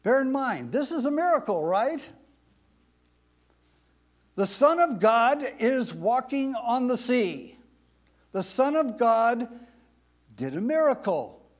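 A man's voice: very high-pitched, sing-song, takes it slowly, pauses often. A man preaching a sermon, reading scripture aloud and repeating phrases for emphasis. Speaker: pastor.

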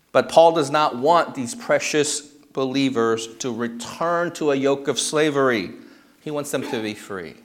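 A man preaching a sermon as pastor, teaching through a passage and often checking in with the congregation. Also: medium pitch. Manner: checks in with the congregation with frequent "okay?". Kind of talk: expository sermon.

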